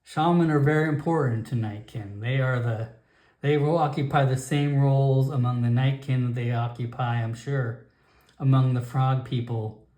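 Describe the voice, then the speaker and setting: A man narrating a solo tabletop game in a slow, halting way with fillers. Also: mid-range voice, steady tone, warm tone. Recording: echoey room.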